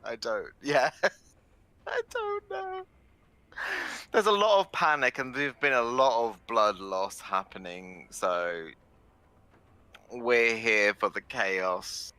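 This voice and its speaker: Bright, lively-voiced man rambling as a player. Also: lowish voice, slow pace, clear, resonant tone, no room sound. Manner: rambling, hesitant, laughs often. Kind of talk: casual tabletop game chat.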